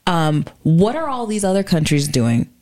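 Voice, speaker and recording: A woman in a relaxed chat, her voice sitting a little low. She sounds skeptical and keeps asking questions, restarting her sentences as she works things out. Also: normal speed. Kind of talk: casual chat. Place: Charlotte area, US.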